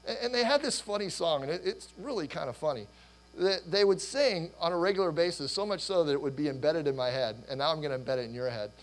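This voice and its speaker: Middle-aged male pastor, slightly high voice, hoarse, rambling and animated sermon delivery. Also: fast, low-quality recording. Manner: animated, rambling with restarts and laughter. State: losing his voice.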